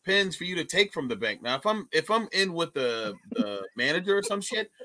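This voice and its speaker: A male comedian rambling loosely on a video call, with casual swearing. His bright voice leaps widely in pitch. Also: sing-song, fairly quick. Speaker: comedian guest.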